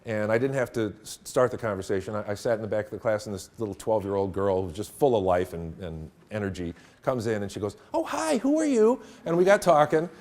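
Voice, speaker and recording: A middle-aged man giving a workshop lecture to teachers in a room with an audience, telling stories in an animated way and laughing along. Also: lowish voice, fast, few pauses. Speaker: teacher trainer.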